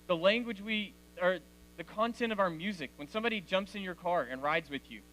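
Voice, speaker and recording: Bright-voiced man preaching to teens. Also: high-pitched, a little fast, a little hiss or hum, poor audio. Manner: direct, conversational, addresses teens as guys. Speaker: youth speaker. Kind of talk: youth sermon.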